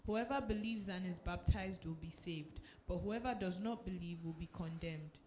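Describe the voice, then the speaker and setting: A woman reading scripture aloud in a steady, even way during a sermon. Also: on the low side, normal speed. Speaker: scripture reader. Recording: echoey room with faint noise.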